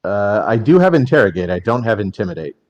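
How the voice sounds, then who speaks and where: A man talking as a player in a tabletop game, measured and a little hesitant. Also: lowish voice, big pitch swings, muffled recording. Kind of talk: casual tabletop game talk.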